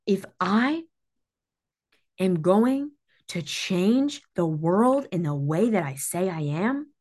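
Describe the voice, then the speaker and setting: A woman's voice: mid-range voice, expressive, takes it slowly, a little mellow. Podcast host, woman in her thirties, fired-up motivational monologue, blunt and profane, mid-range voice. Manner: intense, swearing, emphatic repetition.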